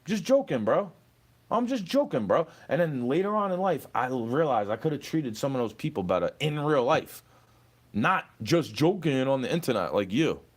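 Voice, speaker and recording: A man's voice: mid-range voice, very animated, normal speed. A young man ranting at a commenter, profane and confrontational, repeating "bro" as he lectures and threatens. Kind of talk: angry rant at a commenter.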